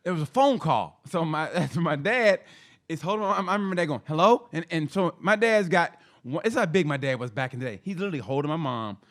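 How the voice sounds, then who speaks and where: A man co-hosting a casual podcast, telling stories in an animated way, acting out quotes and swearing freely. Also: a little high, a little fast. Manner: animated, acts out quotes, profane. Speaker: podcast co-host. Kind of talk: casual storytelling chat.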